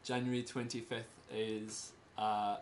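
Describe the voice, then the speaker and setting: A Scottish man giving a casual talk to a small group, in simple slow words and laughing often. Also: on the low side, flat delivery, slight background noise. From Scotland. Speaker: presenter giving a talk about Scotland.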